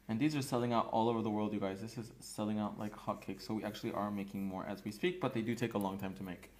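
A man's voice: on the low side, fairly even intonation, fast talker, few pauses. A man hosting a live nail product demo, talking in upbeat, slangy sales patter while he works.

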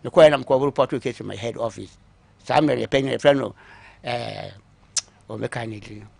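A man recounting his own long story on a talk show, acting out what others said to him, moving between quiet asides and louder bursts. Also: mid-range voice, moderate pace, gravelly, no echo. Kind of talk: call-in story telling.

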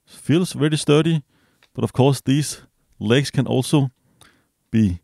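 A male product reviewer casually unboxes and reviews a small gadget, sounding relaxed and hesitant, using fillers and correcting himself. His voice is medium-pitched, slow and creaky. The recording is clean studio sound with no echo.

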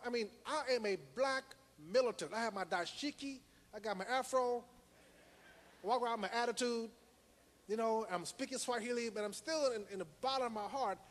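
A man's voice: very high voice, long reverb tail. A man giving a motivational lecture to an audience, telling a personal story with dramatic repetition. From United States. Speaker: motivational speaker.

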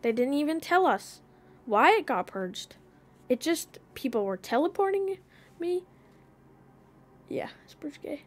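Chatty woman streamer, slightly high voice. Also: sing-song, unhurried. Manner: chatty, swears, bursts into loud panicked yelling. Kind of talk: casual gaming commentary.

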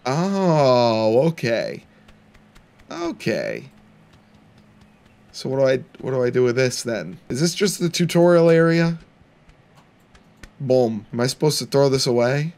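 Playful gravelly young man gaming. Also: medium pitch, very animated, measured pace, pauses often, darkish tone. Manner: playful, laughs a lot, mock-taunts game characters. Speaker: gaming channel host. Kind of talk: let's play commentary.

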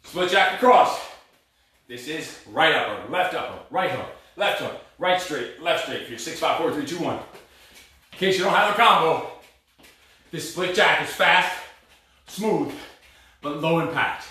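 A man's voice: on the high side, lively intonation, measured pace, pauses often, sharp tone. Breathless man barking workout commands. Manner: barking short commands and counts, pushy and blunt. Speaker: fitness instructor. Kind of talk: coaching a live cardio boxing class. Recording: echoey room, voice far from mic.

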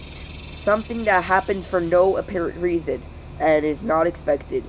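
A host reading a dictionary aloud, halting and stumbling over words, with weary sighs between entries. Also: mid-range voice, slight background noise, poor audio.

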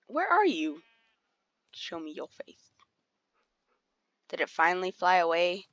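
A woman's voice: fairly low pitch, very animated, unhurried, a bit bright, no echo. A woman giving casual, chatty commentary while playing a game, easily startled and talking to the animals around her. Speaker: gamer streaming play. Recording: dull lo-fi sound.

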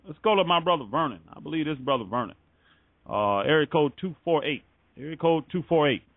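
A man's voice: fairly high pitch, lively intonation, brisk, no room sound. A man hosting a religious call-in radio show, blessing callers with fervent praise. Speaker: radio ministry host. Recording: phone-like call-in radio audio.

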